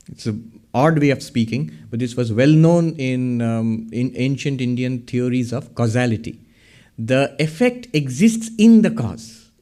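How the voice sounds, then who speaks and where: A man with a warm, medium-pitched voice lectures on Vedanta at a podium in a hall. He builds his explanations step by step and keeps drawing the audience in with questions.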